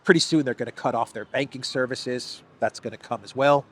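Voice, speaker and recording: A man's voice: medium pitch, a little fast, a bit bright. Sarcastic male political commentator. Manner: sarcastic, emphatic, frequent restarts. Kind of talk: solo news commentary.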